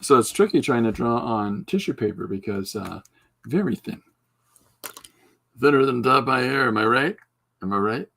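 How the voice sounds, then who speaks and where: A man's voice: mid-range voice, animated, normal speed, vocal fry, long pauses, fairly bright tone. A man hosting a podcast livestream, chatting casually and joking with viewers while he draws. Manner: rambling, joking, reacting to chat. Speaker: podcast host.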